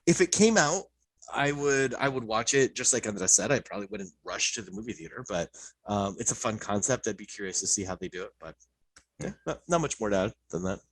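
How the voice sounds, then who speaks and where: A man chatting on a podcast, relaxed and meandering as he thinks out loud. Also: lowish voice, brisk, no room sound. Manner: relaxed, meandering, hedging with fillers. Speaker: podcast co-host. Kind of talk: casual chat.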